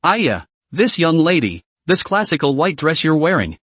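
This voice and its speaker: A man voicing a gushing, flattering jewelry store manager in a story recap. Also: fairly high pitch, moderate pace, slightly rough, no room sound, heavily acted. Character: fawning middle-aged male jewelry store manager.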